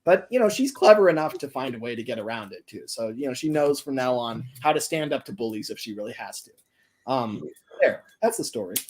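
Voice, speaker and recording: A streamer recounting a homemade story on a casual livestream. The delivery rambles, with many fillers and restarts. The voice is lively, moving widely in pitch. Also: brisk.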